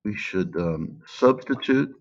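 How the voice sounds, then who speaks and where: A man's voice: on the low side, animated, takes it slowly, dull audio. A man teaching math in a screen-recorded lesson, patiently stressing key words and thinking aloud with fillers.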